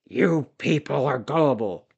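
A man putting on the voice of a blustering older wrestling company boss, delivering threats slowly and pompously. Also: mid-range voice, expressive, vocal fry, a little mellow, husky, muffled recording, heavily acted.

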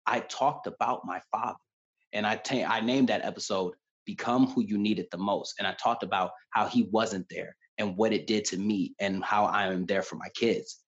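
A man's voice: fairly low pitch, fairly even intonation, moderate pace, muffled recording. A man in his thirties telling personal stories with earnest emotion in a candid conversation. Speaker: podcast guest.

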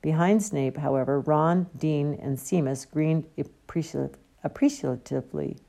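A woman reading a novel aloud as an audiobook, with steady storytelling delivery. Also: low voice, measured pace, gravelly. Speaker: audiobook reader. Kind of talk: audiobook narration.

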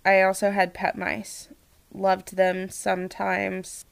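A woman co-hosting a casual podcast, telling stories in an expressive way. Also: mid-range voice, slow, gravelly, no echo. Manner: expressive storyteller. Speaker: podcast co-host.

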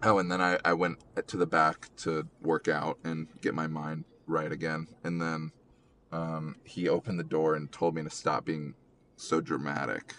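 A young man hosting a casual podcast, talking haltingly with many ums and restarts, in an emotional way, from a car. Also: a bass voice, level tone, a bit bright, a little hiss or hum. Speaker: podcast host.

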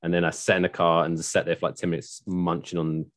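Casting: sarcastic, rambling male podcast host, low voice, dry mic. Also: completely flat delivery, fast, dry recording. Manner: rambling, sarcastic, swears freely. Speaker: podcast host telling news stories. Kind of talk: casual chat.

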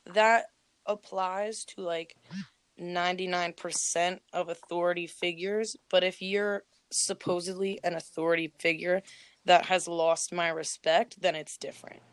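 A woman's voice: fairly low pitch, flat delivery, a little slow, clean tone, dry recording. A young woman from Pennsylvania, a podcast co-host, chatting frankly and telling stories with casual swearing. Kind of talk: casual chat.

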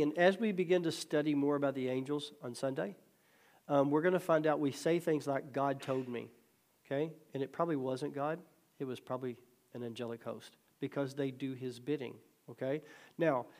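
Lively, slightly high-voiced male pastor. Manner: lively storyteller who laughs often and acts out quotes. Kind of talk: Bible study teaching.

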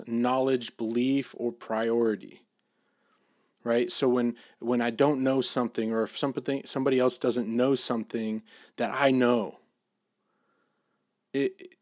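Halting, casual middle-aged man preaching. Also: mid-range voice, darkish tone, no room sound, clean studio sound. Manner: casual, halting, many restarts and fillers. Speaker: dad giving a faith talk. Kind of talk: informal sermon.

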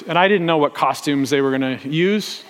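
There's long large-hall reverb and slight background noise as a middle-aged pastor relates a story in his sermon, performing the voices of its characters. He speaks a little fast, his voice on the high side.

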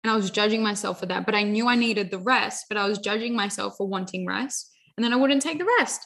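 A woman's voice: medium pitch, fairly even intonation, fast talker, creaky, a bit bright. A young adult woman giving an earnest motivational talk, repeating phrases and often saying "you know" and "like". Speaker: self-help speaker.

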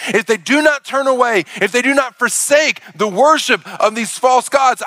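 A middle-aged man preaching a sermon as a pastor, animated and playful, acting out voices with big swings in pitch. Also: normal speed, few pauses, no echo, studio quality.

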